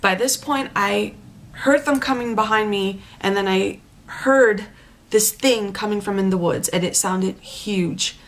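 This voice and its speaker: A woman recounting a frightening dream experience in casual personal storytelling, animated and halting, with many restarts and repeated words. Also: medium pitch.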